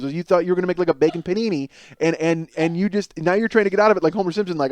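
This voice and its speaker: A man's voice: high voice, fast, no room sound. Exasperated man telling a comic story. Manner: animated, exasperated, swearing, acts out quotes. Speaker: podcast host.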